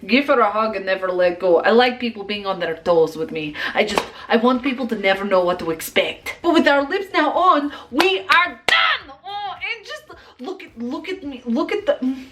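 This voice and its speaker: A woman's voice: a little high, big pitch swings, normal speed, noisy background. A woman chatting through a casual makeup tutorial in a playful, rambling, theatrical way, full of fillers as she hypes up the viewer. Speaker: makeup vlogger.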